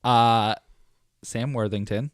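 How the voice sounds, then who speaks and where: A man's voice: mid-range voice, fairly even intonation, takes it slowly, dry recording, studio quality. A young man co-hosting a podcast in casual chat, joking and laughing often. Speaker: podcast co-host.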